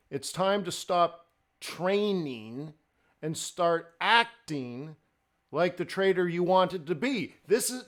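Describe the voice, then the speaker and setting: A man's voice: sits high, a bit bright. A middle-aged man hosting a live forex trading stream, talking in a blunt, fired-up, ranting way.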